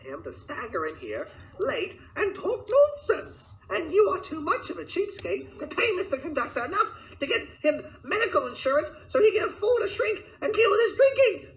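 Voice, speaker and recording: Shrill scolding upper-class wife, voiced by a man, cackling, high swoops, dull sound. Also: big pitch swings, measured pace, hardly any pauses, fairly bright tone, roomy sound, a little hiss or hum, exaggerated voice.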